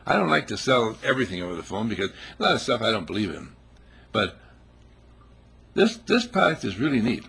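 A man's voice: lowish voice, sing-song, fairly quick, creaky, long pauses, a bit bright, husky. A man giving an informal motivational talk in a folksy manner, repeating his points and acting out little scenes in voices. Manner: folksy, repetitive, acts out quotes in voices.

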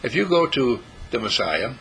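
A man's voice: mid-range voice, big pitch swings, normal speed, a bit bright, slight background noise, rough recording. A man hosting a spiritual talk show, preaching in a monologue full of rhetorical questions. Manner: preachy, rhetorical questions, voices imagined listeners. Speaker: radio talk host and dean of a healing school.

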